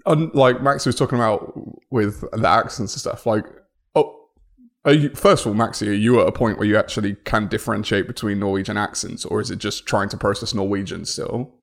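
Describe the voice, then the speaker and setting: Guy with a gravelly fry-heavy voice, asking lots of follow-up questions on a chill podcast. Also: fairly low pitch, steady tone, a little fast. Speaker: podcast co-host. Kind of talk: casual group chat.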